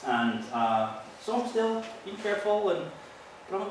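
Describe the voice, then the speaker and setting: A man's voice: high-pitched, very animated, moderate pace, a little hiss or hum. A man who is a police officer giving a training talk to an audience, earnest and explanatory, walking listeners through stories from his calls. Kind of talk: presentation to an audience. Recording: echoey hall, mic from far off.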